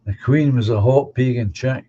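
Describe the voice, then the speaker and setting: A middle-aged Glaswegian man hosts a livestream, reading viewer comments aloud and chatting in a blunt, opinionated way. His mid-range voice is dark and slightly rough at a moderate pace, and the highs are cut off.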